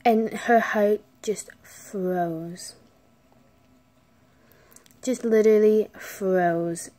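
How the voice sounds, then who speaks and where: A woman's voice: medium pitch, extremely slow, warm tone. A woman vlogger telling a story in a casual way, dropping to a whisper at the tense parts. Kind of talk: story time.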